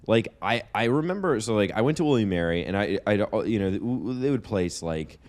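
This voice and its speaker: Low-voiced swearing podcast co-host. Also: male voice, a little fast. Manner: profane, animated storytelling. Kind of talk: casual chat.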